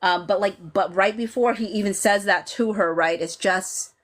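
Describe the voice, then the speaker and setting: A woman's voice: medium pitch, moderate pace. Chatty woman hosting a live stream. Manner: animated, chatty, lots of fillers, quotes scenes dramatically. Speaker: podcast host reading live chat. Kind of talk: casual live-stream chat.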